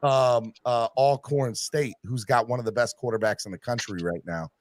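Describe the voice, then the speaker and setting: A man from North Carolina with a Southern accent, hosting a casual call-in sports chat, chummy and animated. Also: moderate pace, a crowd in the background. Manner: animated, chummy, drifts from loud to low. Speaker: podcast host.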